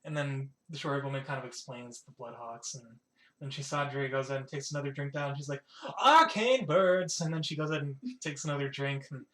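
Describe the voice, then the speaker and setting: A man's voice: mid-range voice, level tone, fast, fairly bright tone, reverberant. A young man narrating a tabletop game as game master, rambling with many fillers.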